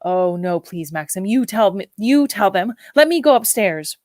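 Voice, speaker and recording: A woman's voice: medium pitch, expressive, moderate pace, a little mellow, no echo, studio quality, close to an everyday voice. A woman reading the part of a shy, nervous young bride who speaks in hesitant, flustered pleas.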